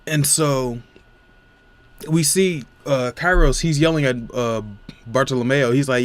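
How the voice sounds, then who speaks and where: A man's voice: mid-range voice, unhurried. A man giving a casual, rambling recap of a comic chapter, full of fillers and restarts. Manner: rambling, many fillers like "you know what I'm saying". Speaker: manga reviewer.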